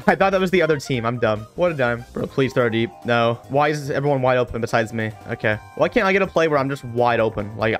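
A man giving excitable, trash-talking commentary while playing an online football game, mocking himself and his teammates. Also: medium pitch. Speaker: gaming YouTuber. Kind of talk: live gameplay commentary.

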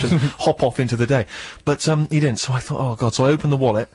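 A man hosting a radio show, telling a comic story in an animated, self-mocking way that jumps up into indignant squeaks. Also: quick pace, hardly any pauses, husky. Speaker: radio host.

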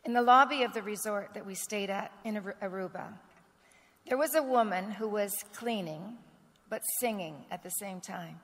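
A woman pastor preaching a sermon with earnest storytelling, clearing a rough throat now and then. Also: mid-range voice, normal speed, fairly bright tone. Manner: earnest storytelling, acts out quoted dialogue. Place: church sanctuary. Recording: long reverb of a church sanctuary.

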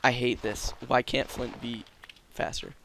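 A man's voice: mid-range voice, flat delivery, a little slow, a bit bright, a little hiss or hum. A man hosting a casual gaming session from home, exclaiming often and grumbling about lag. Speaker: host and gamer.

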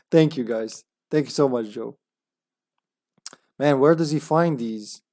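A man's voice: medium pitch, warm tone. Jokey young man streaming a game. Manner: jokey, laughs often, quick asides. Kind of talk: casual gaming commentary.

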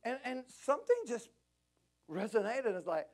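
A man preaching a passionate sermon at a church service, climbing to near-shouts. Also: very high-pitched, animated, normal speed. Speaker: pastor.

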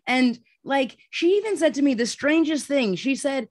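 A woman in her thirties from New York, with a New York accent, telling her story bluntly and candidly as a podcast guest, full of "like" fillers. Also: high-pitched. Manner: blunt, fast, animated, many "like" fillers.

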